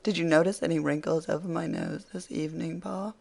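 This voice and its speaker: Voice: mid-range voice, steady tone, fairly quick, vocal fry, darkish tone. An audiobook reader voicing a spirited, teasing young woman who scolds her father playfully.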